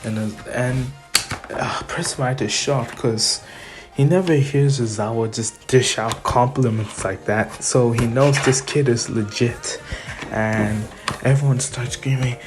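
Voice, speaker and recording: A woman's voice: very deep voice, measured pace, music in the background. A woman telling a fan-made what-if story in a rambling, improvised way. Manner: rambling, with many fillers and restarts.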